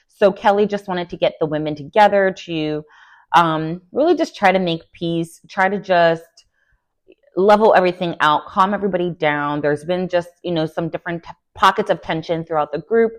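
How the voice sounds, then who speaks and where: A woman casually recapping a reality TV episode, chatty and animated, with lots of fillers and laughing asides. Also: lowish voice. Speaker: recap vlogger.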